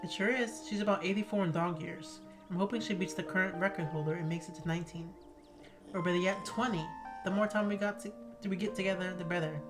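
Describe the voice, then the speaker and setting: A woman's voice: fairly low pitch, fairly even intonation, fast talker, close to an everyday voice. A woman voicing a chatty, friendly small-town woman who owns an old pug, with game music playing behind her. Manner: talkative, neighborly, gossipy.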